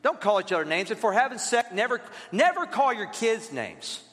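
A man preaching a sermon as pastor, telling lively stories and calling on the congregation to read along. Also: high voice, normal speed. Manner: lively storytelling with asides to the congregation. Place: church. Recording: reverberant church hall.

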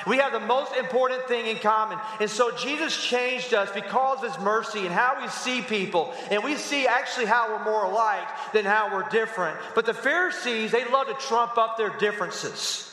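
High, bright-voiced preacher in an echoing hall. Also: male voice, normal speed, hardly any pauses. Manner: animated storyteller, rhetorical asides to the congregation. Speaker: pastor. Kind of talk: sermon. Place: church sanctuary. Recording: echoey hall with long reverb.

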